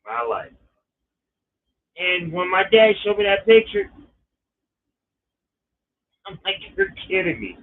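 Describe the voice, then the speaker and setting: Middle-aged guy swearing through a story, high voice, slow drawl, sounds like a cheap phone line. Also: sing-song. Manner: profane, exasperated storytelling. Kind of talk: casual personal anecdote.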